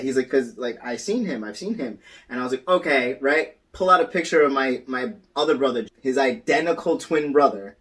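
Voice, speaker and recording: A man co-hosting a laid-back podcast, telling a story with lively energy. He throws his voice up high for quoted lines. His voice sounds a bit distant from the microphone. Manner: animated storytelling, acts out quotes. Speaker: podcast co-host. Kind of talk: casual chat.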